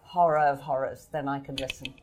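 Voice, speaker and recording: A woman's voice: extremely low pitch, fairly even intonation, fairly quick, darkish tone, a little hiss or hum. A woman author speaking in a live question-and-answer session, thoughtful and hesitant, often restarting her sentences. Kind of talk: live Q&A conversation.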